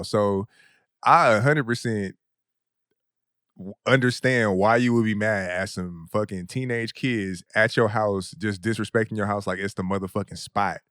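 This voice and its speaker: A young adult man hosting a podcast, telling a comedic story in a loose, profane, animated way with lots of laughter. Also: mid-range voice, smooth, no echo, studio quality. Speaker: podcast host.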